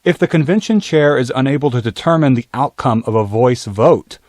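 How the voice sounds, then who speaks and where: Male commentator, steady scripted voice-over, mid pitch. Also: fairly quick, no room sound. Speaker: video commentator.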